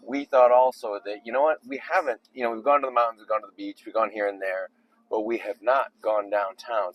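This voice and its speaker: A man's voice: lowish voice, lo-fi sound. A man making a casual video while driving on the freeway at night, rambling with joking asides. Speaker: vlogger.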